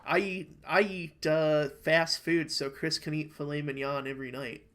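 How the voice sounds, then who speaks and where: A man's voice: on the high side, little pitch movement, moderate pace, fairly bright tone. A young American man in casual podcast chat over an online call, rambling and swearing as he rants about bad food. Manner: rambling, profane, worked-up storytelling. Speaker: podcast co-host. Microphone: online call microphone.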